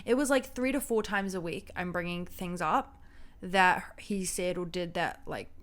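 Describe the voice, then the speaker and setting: A woman's voice: fairly low pitch, a little slow, fairly bright tone. A woman talking candidly with her husband, explaining herself with many fillers. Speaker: wife. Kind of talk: casual couple's talk.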